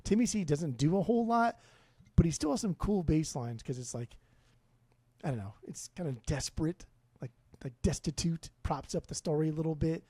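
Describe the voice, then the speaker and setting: A man co-hosting a podcast, talking in an animated, profane, rambling way. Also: a little high, moderate pace, breathy edge, dry recording. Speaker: podcast co-host. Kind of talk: casual podcast chat.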